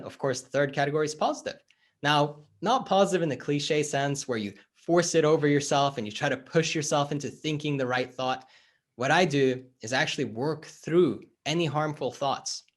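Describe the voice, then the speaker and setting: A man who is a life coach, explaining his ideas in conversation as an interview guest and acting out little dialogues as he tells stories. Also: on the high side. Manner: animated, acts out dialogue in stories.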